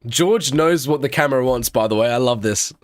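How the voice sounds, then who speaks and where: A man hosting a live race watch-along, reacting with loose, slangy excitement and wrapping up the coverage. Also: medium pitch, a little fast, no echo, studio quality. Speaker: host.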